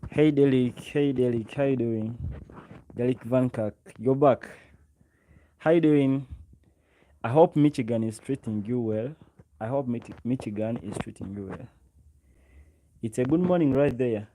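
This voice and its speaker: A man's voice: mid-range voice, measured pace, pauses often, noisy background. A man from Uganda, hosting a casual livestream on his own microphone, greeting viewers by name and often repeating his words. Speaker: livestream host. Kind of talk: casual live chat with viewers. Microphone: own microphone, close.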